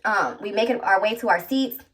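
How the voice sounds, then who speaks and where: A woman in her thirties telling a personal story to her viewers in an animated, chatty way, talking straight to them. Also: mid-range voice, moderate pace, recorded from a distance. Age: 30s. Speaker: vlogger.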